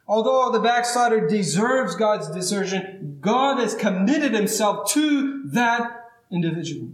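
Earnest high-voiced preacher in an echoey room. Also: male voice, lively intonation. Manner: earnest, emphatic, slows on key words. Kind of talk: sermon.

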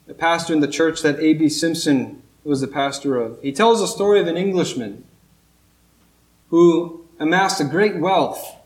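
Male preacher, earnest and emphatic, slow pauses, somewhat higher voice, roomy sanctuary sound. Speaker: pastor. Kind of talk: sermon. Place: church sanctuary. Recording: echoey church room.

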